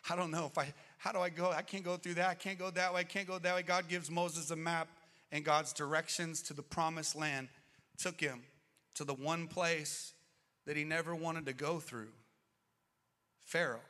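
A middle-aged man preaching a sermon as pastor, swinging between loud outbursts and hushed, slow passages. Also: fairly high pitch, steady tone. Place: church auditorium. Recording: long reverb of a church hall.

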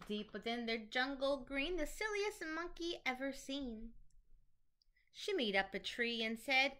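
A woman teacher reading picture books aloud to children in an animated, sing-song storytelling manner. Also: a little high, unhurried.

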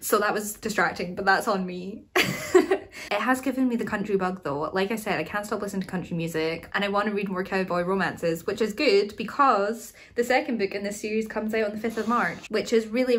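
A young woman, chatting casually to camera about her month's books, self-mocking and laughing easily. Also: mid-range voice. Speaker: book reviewer.

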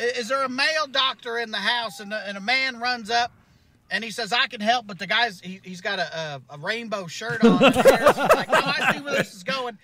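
Male comic playing a smug, mocking conservative ranter; bright, sharp, high-pitched. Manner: sarcastic, mocking rant with chuckles. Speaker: comedian. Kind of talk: parody video monologue.

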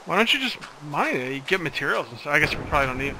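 Let's play host, male, quick and sharp-edged, casual rambling banter. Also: a little high, very animated, a little hiss or hum, poor audio. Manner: joking, rambling. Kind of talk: casual gaming chat.

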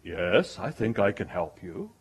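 A man voicing God as a deep, booming, calm voice from heaven in a told joke. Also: breathy edge, full character voice. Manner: calm, slow, unhurried.

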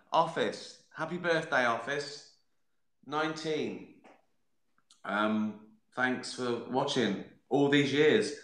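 Casual live-stream host, middle-aged, bright and unhurried, hesitant and dryly joking. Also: male voice, lowish voice. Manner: rambling, hesitant, with dry jokes. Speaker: host answering viewer questions. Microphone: phone streaming live. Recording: roomy, echoey room sound.

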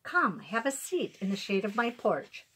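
A woman reading a storybook, voicing a poor, kind and hospitable little old man who speaks gently. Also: medium pitch, very animated, moderate pace, slightly rough, heavily acted.

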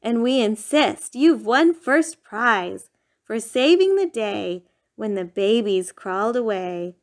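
A woman reads a rhyming picture book aloud at an unhurried pace. Her voice sits a little high, and she keeps a lilting, sing-song bedtime storytelling manner throughout. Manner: sing-song, lively bedtime reading with playful raised shouts.

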